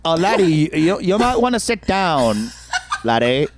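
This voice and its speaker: A man doing a loose Irish accent for a rowdy middle-aged club-owner dad, high and shouting. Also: sing-song, a little slow, background noise. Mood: rowdy warning. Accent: shaky put-on Irish, drifting off.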